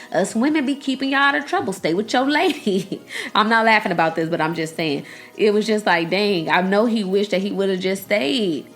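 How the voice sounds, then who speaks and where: A young woman hosts a podcast, chatting casually in a medium-pitched voice. She's animated and profane, laughing often and acting out the people she quotes.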